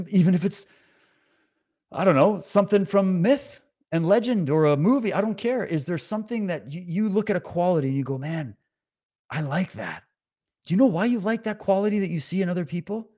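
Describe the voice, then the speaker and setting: A man's voice: fairly high pitch, darkish tone. A middle-aged man, a podcast host, giving an emphatic motivational monologue that exhorts listeners and swears casually.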